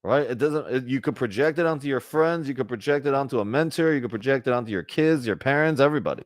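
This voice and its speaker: A spiritual teacher gives a conversational talk to a group, frequently checking in with "right?" and acting out small bits of dialogue. He speaks quickly and animatedly at a medium pitch, captured in clean studio quality with no echo.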